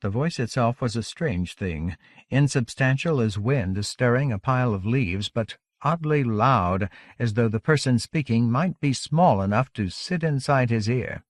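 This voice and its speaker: A man narrates a fantasy novel in a steady, measured way. His voice sits at an ordinary pitch for a man. The recording is dry and close. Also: dry recording. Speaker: audiobook narrator. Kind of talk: scripted narration.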